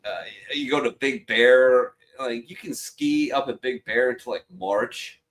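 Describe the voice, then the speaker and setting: A man's voice: medium pitch, a little slow, fairly bright tone. A middle-aged man with a mid-range voice talks loosely and profanely, reading meme captions aloud between chuckles. He swears freely and keeps a joking, irreverent tone throughout the casual chat. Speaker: show host reading memes.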